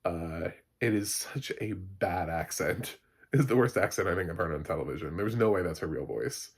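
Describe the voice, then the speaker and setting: A man rants casually about a new TV show, blunt and exasperated, with laughing asides. His voice sits a little low and has a husky edge. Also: lively intonation, moderate pace. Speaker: TV reviewer. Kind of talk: casual spoken TV review.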